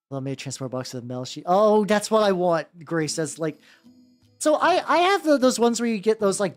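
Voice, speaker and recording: A woman's voice: sits low, a little mellow. A young woman streaming and chatting casually while she paints, rambling with lots of "like" and self-interruptions.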